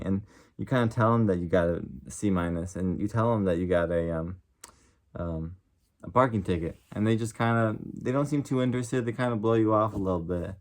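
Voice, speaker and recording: A man's voice: on the low side, fairly quick. Rambling young man, casual and earnest. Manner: rambling, heavy use of "like"; earnest, passionate. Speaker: vlogger. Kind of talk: casual talk to camera.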